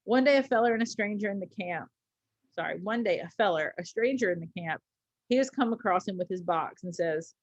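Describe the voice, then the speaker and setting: A woman teacher reads a story aloud, stopping now and then for a casual aside to her class. Her pitch sits in a middle range. The recording is dry and a bit muffled. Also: animated, fairly quick, no echo. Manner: reads with asides and small slips.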